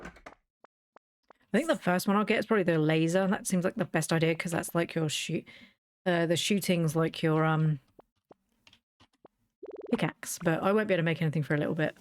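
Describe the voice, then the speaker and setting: A woman's voice: on the low side, normal speed, long pauses, slight background noise. A woman giving casual, playful commentary while she plays a video game. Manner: chatty and playful. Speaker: game streamer.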